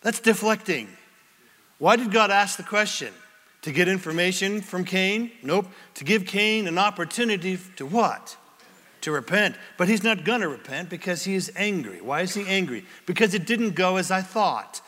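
High, bright-voiced preacher in a hall. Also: male voice, moderate pace. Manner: asks the congregation rhetorical questions; animated, dramatic delivery. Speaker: pastor. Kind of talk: sermon.

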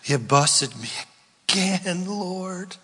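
Peter, an ashamed grown man, confesses sheepishly in a bright voice. A long hall reverb rings behind him, as a preacher acts him out. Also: high voice, animated, very slow, slightly rough, voice pushed up, heavily acted.

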